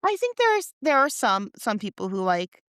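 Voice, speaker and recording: Woman co-host, lively and higher-voiced, casual recap banter, dry close sound. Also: normal speed, clean tone, no room sound. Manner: chatty, recapping with playful teasing. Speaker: podcast co-host. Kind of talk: casual chat.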